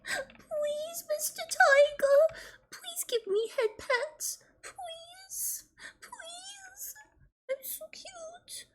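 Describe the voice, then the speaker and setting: A woman putting on a whiny, breathy cutesy voice, begging for attention in a streamer skit. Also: very high-pitched, extremely slow, voice pushed up, full character voice. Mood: pleading. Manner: breathy pleading baby voice.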